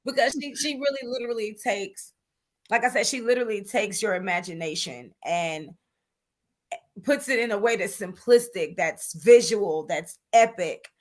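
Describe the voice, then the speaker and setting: A woman guest in an interview, telling her business story in a lively, chatty way, calling people "honey" and using many fillers. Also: medium pitch, moderate pace. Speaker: guest entrepreneur. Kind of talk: animated interview talk.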